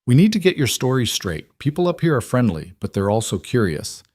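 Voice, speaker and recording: A man voicing a protective single father who speaks calmly and firmly. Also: medium pitch, a little fast, no echo, clean studio sound, pitched above the performer's own voice. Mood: steady. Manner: calm, firm.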